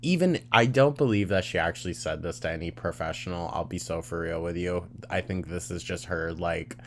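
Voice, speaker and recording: A man's voice: deep voice, brisk. A man hosting a reaction commentary, sarcastic, blunt and profane as he picks apart a clip. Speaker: commentary host.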